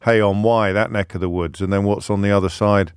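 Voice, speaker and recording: A low-pitched man hosts a radio phone-in, chatting loosely with a wry, self-mocking humour. His voice is close and dry, with no room around it. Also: fairly even intonation, a little fast, clean tone, no room sound. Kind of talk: casual radio talk. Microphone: studio microphone.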